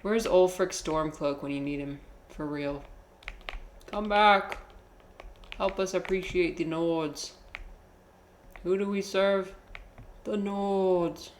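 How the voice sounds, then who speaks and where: A woman's voice: lowish voice, fairly even intonation, a little slow, darkish tone, slight background noise. A young woman streaming a game, chatting casually with her viewers and laughing often. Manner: giggly, chatty, reacts to chat. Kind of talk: casual chat while gaming.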